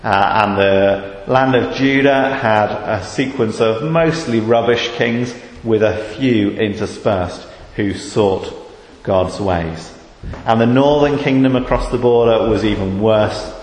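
A British man delivers a sermon at an unhurried, deliberate pace, lifting into fervent emphasis on key words. His voice rings through a big echoey hall with a long reverb tail. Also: fairly low pitch. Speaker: preacher.

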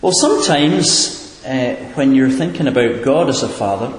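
A man's voice: medium pitch, expressive, moderate pace. Guy preaching a sermon, earnest and questioning, lots of echo from a big hall. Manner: earnest, questioning, with hesitant repeats. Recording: echoey hall, far from the mic.

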